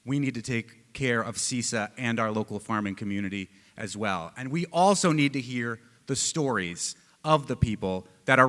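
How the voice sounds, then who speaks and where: A man, a radio host, emceeing a live storytelling event on stage with energetic, joking delivery. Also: mid-range voice. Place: stage in a hall with live audience. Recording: long hall reverb.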